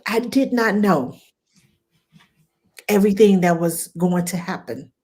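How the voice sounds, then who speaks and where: A woman with a Southern US accent hosting a podcast, telling stories in a folksy, animated way. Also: mid-range voice, measured pace, slightly rough. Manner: animated storytelling with acted quotes; folksy, self-deprecating. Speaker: podcast host. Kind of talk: casual conversational interview.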